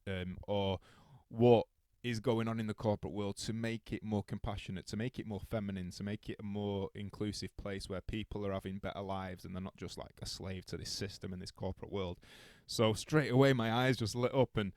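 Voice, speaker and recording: A man's voice: lowish voice, fairly quick, few pauses, no echo, studio quality. Rambling man hosting a podcast. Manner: rambling, animated storytelling with many restarts. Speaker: podcast host. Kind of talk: casual interview chat.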